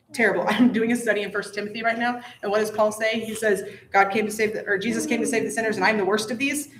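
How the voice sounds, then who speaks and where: A woman hosting a casual Bible study chat, telling stories with lively asides. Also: mid-range voice. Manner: chatty storytelling, animated asides. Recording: echoey room, faint noise.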